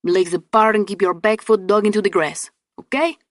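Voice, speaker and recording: A woman narrator voicing a patient young man who gives clear, instructive batting tips. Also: medium pitch, fairly even intonation, moderate pace, no room sound, studio quality, natural voice.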